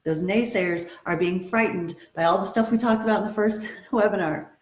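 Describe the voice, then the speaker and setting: A woman's voice: mid-range voice, moderate pace, darkish tone, reverberant. A woman acting and modeling coach giving an upbeat, motivational webinar talk, stressing and repeating her key points.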